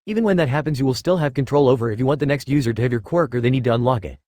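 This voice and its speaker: A man reading the lines of a kind female spirit of a past hero in a flat, quick storybook voice. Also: medium pitch, dry recording, clean studio sound, natural voice.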